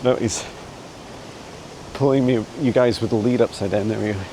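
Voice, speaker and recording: A man answering viewer questions as a psychic mentor in a casual vlog. He talks in a meandering, chatty way with frequent soft laughs, recorded on a handheld phone camera while walking a dog in a forest. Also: lowish voice, steady tone, normal speed, slight background noise, poor audio. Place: forest outdoors.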